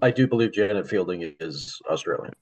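A man co-hosting a podcast, answering questions in a measured way. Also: deep voice, animated, darkish tone, highs cut off, slight background noise. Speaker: podcast co-host. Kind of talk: casual chat.

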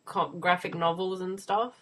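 A woman's voice: on the low side, steady tone, moderate pace, a bit bright. A woman with an Australian accent, co-hosting a podcast in casual chat, cheeky and bawdy in her joking. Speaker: podcast co-host.

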